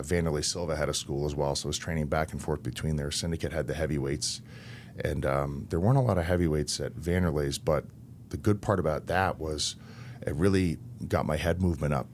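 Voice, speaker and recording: A man in his thirties, a wrestler and interview guest, telling stories in a relaxed, anecdotal way with laughs between lines. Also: a bass voice, fast talker, a little hiss or hum. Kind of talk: casual interview storytelling.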